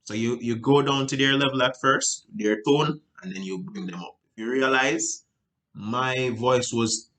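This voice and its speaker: A man leading a seminar for salespeople, speaking at a middling pitch. He talks in loose, restarting sentences and keeps tagging them with "right?". He slips in and out of small acted bits of sales talk. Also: measured pace, fairly bright tone, low-quality recording. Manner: rambling, repeats "right?" and restarts; acts out sales talk in changing tones. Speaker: sales trainer. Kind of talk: seminar teaching.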